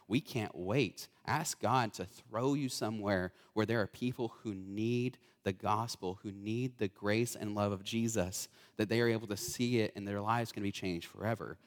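A young man is a guest preacher in a church hall, delivering a sermon in a chatty, informal way, full of fillers, restarts and self-corrections. His voice is lowish and moves at a normal speed with hardly any pauses, and the recording carries a big-room sound.

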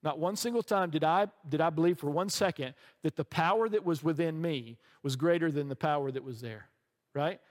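Man, middle-aged, pastor, sermon, conversational storyteller, somewhat high voice, long hall echo. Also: a little fast. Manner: conversational storytelling, often checks in with "right?". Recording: long reverb from a large hall.

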